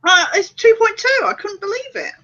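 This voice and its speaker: A woman hosting a casual chat, animated and giggly. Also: very high-pitched, moderate pace. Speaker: host. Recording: dull lo-fi audio.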